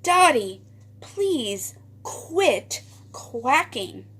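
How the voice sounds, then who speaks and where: A woman voicing a shy, quiet little quail in a children's storybook, speaking softly and gently. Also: high-pitched, very animated, extremely slow, breathy edge, exaggerated voice. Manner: soft-spoken, gentle.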